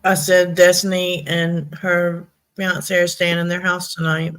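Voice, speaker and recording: A woman hosting a casual chat, lively and laughing often, with an encouraging manner. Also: fairly low pitch, a little slow.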